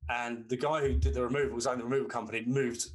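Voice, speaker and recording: A man's voice: medium pitch, steady tone, fast talker. A man, co-hosting a podcast and telling long, sweary anecdotes in casual chat. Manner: rambling anecdotes, swears freely. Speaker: podcast co-host.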